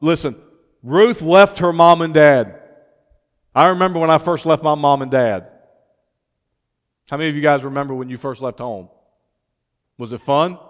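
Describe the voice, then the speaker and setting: Slightly high in pitch and heard in a large-sounding room, this male pastor preaches a sermon with stretched, emphatic key words. At points he drops the preaching tone to chat informally with the congregation.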